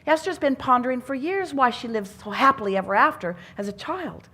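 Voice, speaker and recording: A woman's voice: sits high, expressive, brisk, sharp tone, husky. A woman speaking to a live audience at a self-help seminar, teaching in an earnest tone with odd turns of phrase. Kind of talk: inspirational seminar talk.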